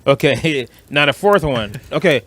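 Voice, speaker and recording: A man with a Detroit accent, co-hosting a podcast in casual chat, blunt and animated, swearing freely. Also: medium pitch, measured pace. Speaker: podcast co-host.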